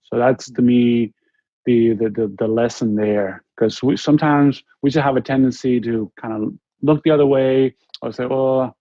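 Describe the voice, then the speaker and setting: A man in his forties from Spain with a Spanish accent, telling a story as an interview guest in an earnest, halting way with frequent restarts. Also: medium pitch, fairly even intonation, dry recording, dull audio. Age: 40s. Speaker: interview guest, former basketball player.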